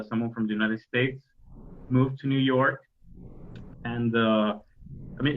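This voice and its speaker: A man, a musician guest talking hesitantly in an interview, full of fillers and restarts. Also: medium pitch. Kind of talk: explaining interview talk. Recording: dull lo-fi audio.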